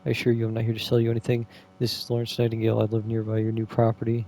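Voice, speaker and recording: A man's voice: fairly low pitch, monotone, very fast, dark tone, a little hiss or hum, lightly acted. A man reading aloud the lines of a polite, anxious neighbour issuing warnings in a game. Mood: earnest.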